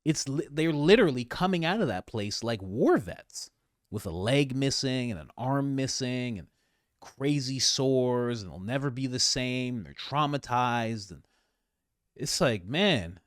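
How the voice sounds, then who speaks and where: A man's voice: medium pitch, animated, measured pace, no room sound, studio quality. A man hosting a podcast, giving casual political commentary in an opinionated, exasperated way. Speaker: podcast host.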